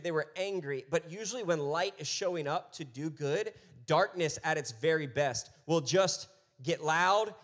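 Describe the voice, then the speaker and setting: Male pastor, thirties, lively sermon delivery, slightly higher voice, acts out characters. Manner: animated storytelling, acts out voices.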